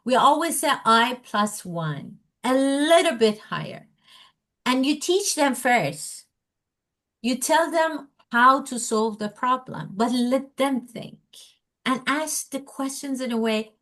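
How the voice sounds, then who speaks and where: Slow-speaking woman teacher trainer. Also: high-pitched, lively intonation, fairly bright tone. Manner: acts out student and teacher dialogue, non-native phrasing.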